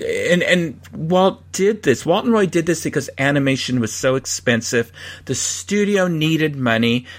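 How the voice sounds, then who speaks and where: A man's voice: medium pitch, fairly bright tone. A man hosting a podcast, telling a story in a rambling, casual way with frequent restarts and laughs. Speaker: podcast host.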